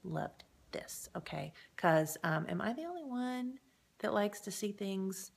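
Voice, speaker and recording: Chatty woman with a gravelly edge. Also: mid-range voice, animated, measured pace. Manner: chatty, keeps checking in with the viewer; upbeat and encouraging. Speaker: direct-sales presenter. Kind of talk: casual motivational sales training.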